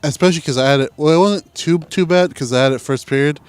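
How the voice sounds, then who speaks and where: Profane young man telling animated stories. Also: fairly high pitch, quick pace, clear, resonant tone, soft background music. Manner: profane, animated storytelling with acted-out quotes. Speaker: podcast co-host. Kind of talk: casual chat.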